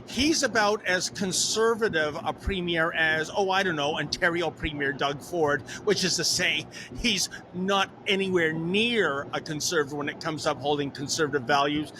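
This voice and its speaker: A man's voice: fairly high pitch, normal speed, hardly any pauses, noisy background. A man hosting a political talk show, asking questions in a wry, sarcastic way. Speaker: host.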